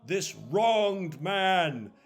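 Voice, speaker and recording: A man voicing a stern, solemn older male churchman who speaks slowly and formally. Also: sits high, lively intonation, voice pushed up, exaggerated voice. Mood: judging. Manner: slow, grave, formal pronouncements.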